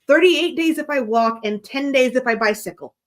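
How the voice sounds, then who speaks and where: A woman's voice: high-pitched, moderate pace. A woman from the United States chatting casually and explaining things patiently, laughing easily. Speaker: guest co-investigator. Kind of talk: casual chat.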